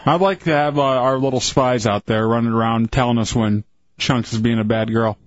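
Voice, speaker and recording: A man's voice: medium pitch, steady tone, normal speed, no echo, dull audio. A male radio co-host making wry, teasing remarks in on-air banter.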